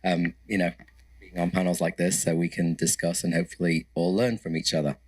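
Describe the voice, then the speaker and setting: A man's voice: deep voice, flat delivery, brisk, no room sound, low-quality recording. A man of about fifty introducing himself on a design panel, rambling a little as he talks. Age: 50s. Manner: rambling, hesitant with fillers. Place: conference panel room.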